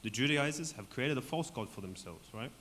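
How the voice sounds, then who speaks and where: Teaching Bible study to a group in a church hall, an Australian man keeps things conversational and keeps asking "right?". He sounds mid-range, animated, fairly quick and sharp, though hoarse and clearing his throat, amid long reverb and faint background noise.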